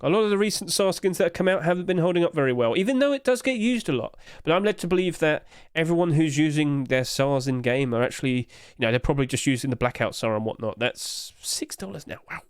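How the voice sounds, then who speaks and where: Man, casual host commentary, chatty, slightly high voice, dry close desk mic. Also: expressive, quick pace, hardly any pauses, clear, resonant tone, no room sound. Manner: chatty, hedging, apologetic asides.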